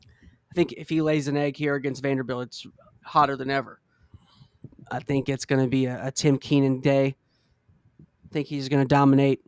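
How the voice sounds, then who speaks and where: Smooth-voiced man hosting a sports podcast. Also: mid-range voice, little pitch movement, normal speed, pauses often, a little mellow, no echo, clean studio sound. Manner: casual, rambling, says "man" often. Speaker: podcast host. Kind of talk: casual sports talk.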